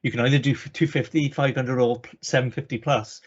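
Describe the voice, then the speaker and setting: A man's voice: mid-range voice, fairly even intonation, brisk, breathy edge. A man with a mid-range voice talks in an easygoing way, walking through his ideas with examples. The sound is dull and lo-fi, as if heard over an online call. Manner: easygoing, explains points with examples. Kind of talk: casual conversation.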